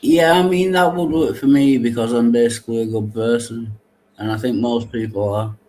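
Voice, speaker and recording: A man's voice: medium pitch, steady tone, moderate pace, warm tone, poor audio. A man in a casual Bible discussion who asks questions and agrees readily, often hesitating mid-sentence. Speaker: discussion partner asking questions.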